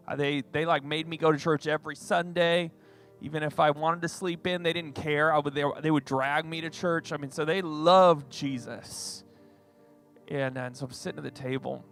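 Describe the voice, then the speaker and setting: A man's voice: a little high, a bit bright. Chatty man in his forties preaching. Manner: conversational, chatty with fillers. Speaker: pastor. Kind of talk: sermon with personal story.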